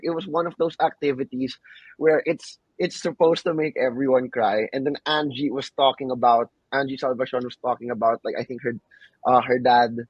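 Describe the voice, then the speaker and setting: A man's voice: mid-range voice, husky, no room sound, highs cut off. A young man co-hosting a podcast, telling funny stories in casual chat, slipping between English and Tagalog slang and laughing often. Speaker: podcast co-host.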